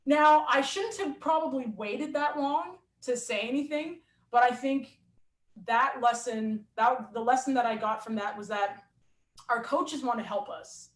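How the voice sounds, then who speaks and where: A woman athlete and coach telling a story in a lively, animated way in a casual interview. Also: high-pitched, a little slow. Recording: roomy echo.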